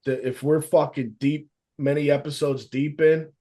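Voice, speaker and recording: A man co-hosting a casual podcast over a video call. His voice sits a little high, and he bantes with crude, joking swagger. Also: little pitch movement, moderate pace, warm tone. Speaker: podcast co-host. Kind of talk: casual chat.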